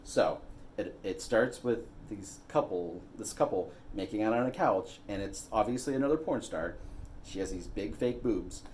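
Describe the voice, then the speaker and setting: A man's voice: on the low side, normal speed, a little mellow, a little hiss or hum. A man co-hosting a casual movie-rant chat at home, telling the story with swearing and bursts of laughter. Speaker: podcast co-host.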